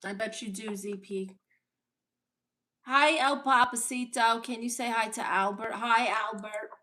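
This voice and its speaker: Brooklyn-accented woman host, a touch high-pitched, sassy and unapologetic, chatting with viewers on a stream. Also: fairly even intonation, unhurried, bright, forceful tone. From Brooklyn, New York. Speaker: livestream host. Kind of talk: casual livestream chat reading viewer comments.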